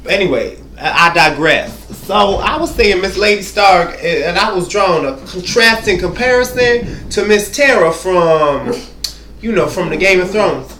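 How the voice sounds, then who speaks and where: A sassy man rambles through a comedic TV recap in a high, swooping voice, cursing freely and calling out to the viewer. His voice rings in a roomy space with faint background hum. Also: lively intonation, unhurried, sharp tone.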